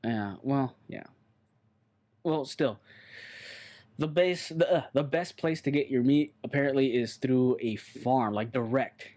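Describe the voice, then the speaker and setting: Man, casual podcast talk, rambling, blunt, mid-pitched. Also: unhurried, darkish tone. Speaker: podcast co-host. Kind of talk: casual chat.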